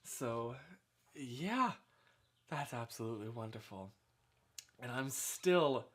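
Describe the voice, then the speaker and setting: A man chatting casually on his own live stream from a small room at home. His voice swings up and down in a lively, animated way, and he gushes freely. He talks into a desk microphone that he sometimes turns away from. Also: fairly high pitch. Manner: chatty, animated, effusive congratulations. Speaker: livestream host. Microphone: desk microphone, sometimes turned away.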